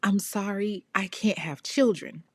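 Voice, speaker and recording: A frightened young woman begging for help, as a female narrator puts her on. The voice rides high and thin, pleading and apologetic, in a dry close recording. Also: a little slow, a little mellow, slightly rough, no echo.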